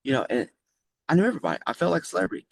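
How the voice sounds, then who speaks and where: A middle-aged man who owns a flooring business, telling stories lively and casually in an interview, swearing freely. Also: fairly high pitch, rapid-fire, creaky, dry recording, rough recording. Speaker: guest, flooring business owner.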